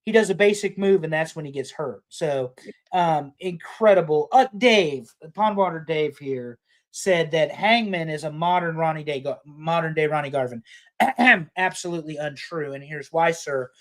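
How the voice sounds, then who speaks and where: A man's voice: on the high side, normal speed. A middle-aged man, a podcast co-host, rambling in casual chat with profane rants.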